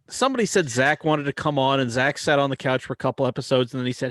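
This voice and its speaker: A man in casual podcast chat, recorded close and dry, with a mid-pitched voice. He teases his co-hosts wryly. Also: fast talker, few pauses, a bit bright, no echo. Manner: wry, teasing banter. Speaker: podcast host.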